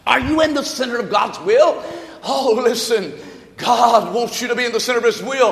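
A man preaching a sermon as pastor, moving between hushed storytelling and shouted passages. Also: very high-pitched, moderate pace, vocal fry. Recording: echoey hall reverb.

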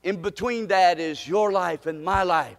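A man's voice: high voice, a little slow, gravelly, big-room sound. A man preaching a sermon as pastor, impassioned and repeating key phrases for emphasis.

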